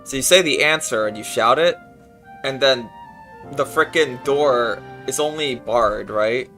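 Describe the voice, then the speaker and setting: A man's voice: medium pitch, unhurried, sharp tone, soft background music. A man streaming a game, chatting casually and ad-libbing jokes over it. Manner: jokey, ad-libbing, breaks into laughter. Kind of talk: casual gaming stream chat.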